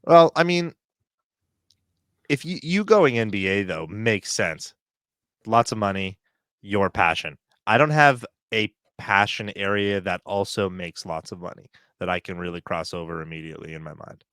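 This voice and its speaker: A man's voice: lowish voice, animated, normal speed, fairly bright tone, smooth, dry recording, clean studio sound. A man co-hosting a podcast, chatting casually and ranting with laughs. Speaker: podcast co-host. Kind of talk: casual chat.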